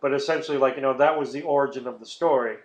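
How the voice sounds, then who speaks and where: A man's voice: mid-range voice, very fast. A man co-hosting a podcast, rambling through stories with lots of swearing and laughter. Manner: rambling, profane, laughs often. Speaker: podcast co-host. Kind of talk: casual chat. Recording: roomy, dull lo-fi sound.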